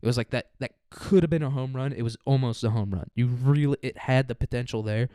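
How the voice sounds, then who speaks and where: A young man rambles through a comic monologue, cursing freely and with no reverence. His voice is smooth and clear, and the recording is dry and close. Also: mid-range voice, fairly quick, mellow, no room sound. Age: young adult. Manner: profane, rambling, irreverent. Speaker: comedy podcaster.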